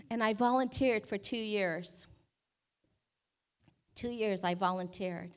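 A woman in her forties giving a personal faith testimony as a campus ministry staff member, animated and acting out her own past words as she tells the story. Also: on the high side.

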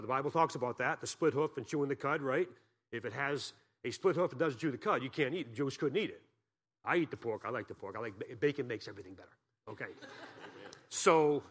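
A man from Massachusetts giving a guest sermon as a pastor, telling folksy, joking stories and asking the congregation questions. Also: mid-range voice.

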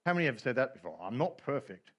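A man's voice: medium pitch, very animated, quick pace, breathy edge. A middle-aged man preaching a sermon as pastor, telling stories with humor and quoted voices.

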